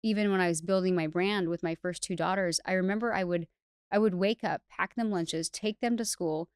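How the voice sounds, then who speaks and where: A woman's voice: lowish voice, a little fast, clear, resonant tone, no room sound, clean studio sound. A woman guest on a podcast, telling her personal story candidly in a chatty way, with lots of "like" fillers and restarts. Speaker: podcast guest, hairstylist educator.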